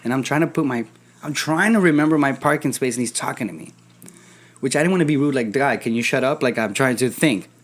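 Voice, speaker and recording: Podcast host, young adult man, animated storyteller, casual and profane. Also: mid-range voice, fast talker. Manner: animated storyteller, acts out quoted voices, swears casually. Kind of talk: casual chat.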